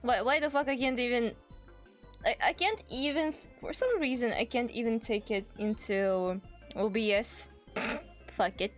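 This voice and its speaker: Shrieky high-pitched woman streamer, faint music. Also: a little slow. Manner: shrieking, laughing, frantic repetition. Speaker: VTuber streamer. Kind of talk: excited live-stream chat. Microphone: desk microphone.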